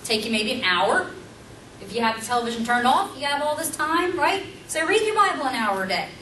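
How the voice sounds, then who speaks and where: A middle-aged woman's high, bright voice sounds pushed as she runs a conversational seminar, a little fast and lively in intonation. She is emphatic and keeps asking her audience rhetorical questions. The distant mic picks up a roomy space and a faint hum.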